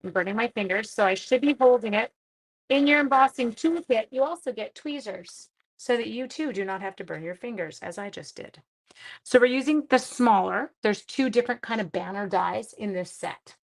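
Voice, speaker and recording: Animated and fairly high-pitched, a seventh-grade teacher talks at normal speed through a card-making demo on a live stream. She teases herself and keeps up a running conversation with herself while working.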